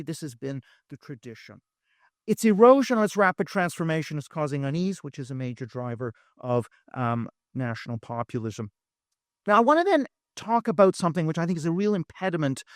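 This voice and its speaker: A man's voice: a little high, no room sound, studio quality. A man giving an emphatic, argumentative speech at a live debate, with frequent fillers and restarts. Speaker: debate panelist. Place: festival debate stage.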